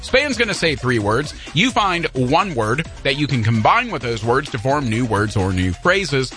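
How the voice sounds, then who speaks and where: A man hosting a radio show with a bright, crisp tone. His delivery swings up and down as he jokes and laughs his way through the promos, with faint station music underneath. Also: medium pitch, very animated. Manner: jokey, laughs often, fast promo reads. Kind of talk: morning radio banter and game promo.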